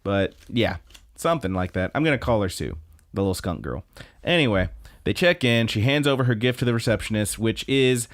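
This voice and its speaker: A man's voice: fairly low pitch, animated, brisk, dry recording. A man casually recapping anime episodes as a podcast co-host, rambling with lots of fillers and swearing. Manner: rambling, profane, frequent fillers.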